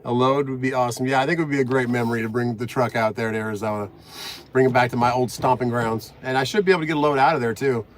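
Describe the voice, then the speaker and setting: A man's voice: medium pitch, steady tone, very fast, a little hiss or hum. A middle-aged man in his truck cab, live-streaming from a phone on the dash, chatting casually and greeting viewers, a bit out of breath. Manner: reads out viewer comments, upbeat and chatty.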